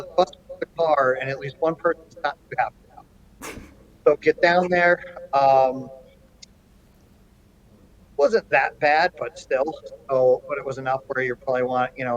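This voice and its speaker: A middle-aged man, a college hockey coach, telling an animated story in an interview, with plenty of ums and restarts. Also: medium pitch, highs cut off. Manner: animated anecdote-telling with frequent fillers.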